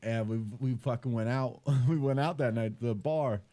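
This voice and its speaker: Animated, swearing young man host. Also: medium pitch, moderate pace. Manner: animated storytelling, swears freely, slips into mock mobster voices. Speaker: podcast host. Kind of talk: casual chat.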